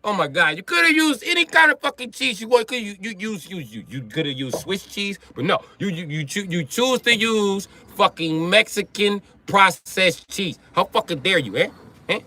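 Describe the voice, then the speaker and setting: A man voicing an angry Italian man scolding a cook, yelling indignant insults. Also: high-pitched, expressive, fast, few pauses, exaggerated voice. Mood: outraged.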